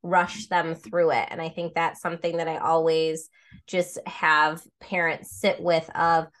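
A woman's voice: sits low, little pitch movement, a little slow, fairly bright tone. A woman co-hosting a podcast, explaining ideas in casual chat and often tagging "right?". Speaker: podcast co-host, clinician.

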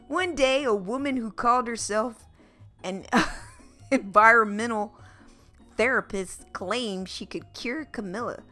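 A woman's voice: a little high, measured pace, pushed and bright, soft background music. A woman podcast host reading a children's book aloud, playful and adding comic asides. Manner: playful, laughs at her own asides.

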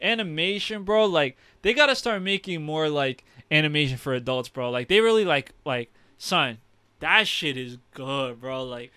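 A man's voice: on the high side, expressive, moderate pace, sharp tone, smooth, dry recording. A young man co-hosting a podcast in casual chat, slangy and emotional, saying "bro" constantly. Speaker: podcast co-host.

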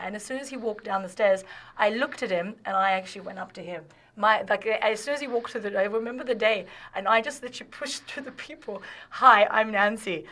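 A woman from Australia, a podcast guest, telling a personal story in casual chat, animated and laughing, often restarting her sentences. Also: mid-range voice.

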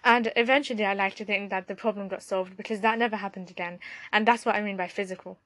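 A woman's voice: mid-range voice, fairly even intonation, fast talker, a bit bright, dry recording. A young woman, hosting a podcast and candidly telling a personal story in a conversational way. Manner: candid, conversational, with fillers and restarts. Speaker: podcast host.

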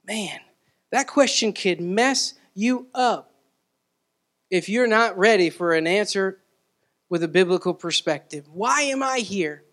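A man's voice: high-pitched, animated, a little slow, fairly bright tone. A man preaching a sermon as pastor, in a conversational way, repeating words and asking the congregation questions.

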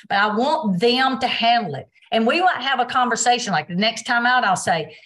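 Lady ref on a zoom call, kinda high voice, lively storyteller acting out lines. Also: a little fast, hardly any pauses. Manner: animated storytelling, acts out quotes. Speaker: basketball official. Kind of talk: recorded video call interview. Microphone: video call.

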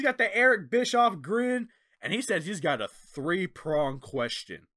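A man co-hosting a casual chat who talks in an animated way and acts out quotes in different voices. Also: high-pitched, a little slow. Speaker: podcast co-host.

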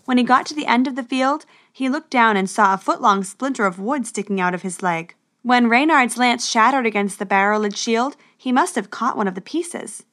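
Woman storyteller, slightly high voice, steady expressive reading. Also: moderate pace, hardly any pauses. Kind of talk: storybook narration.

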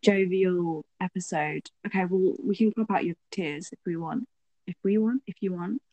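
A woman's voice: fairly low pitch, moderate pace, dark tone, dull audio. A young woman in her twenties talks casually as a podcast co-host. She giggles often and chats between bites. The sound is dry and close, with no room echo. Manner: giggly, chatty, talks while snacking. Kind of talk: casual chat. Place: home, lives in South London.

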